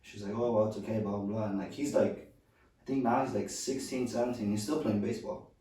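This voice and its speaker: A man's voice: lowish voice, steady tone, fast talker, dark tone. Profane, laid-back man in an echoey room. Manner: loose, profane, says "bro" a lot. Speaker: podcast co-host. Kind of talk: casual chat, storytelling. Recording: echoey room, far from the mic.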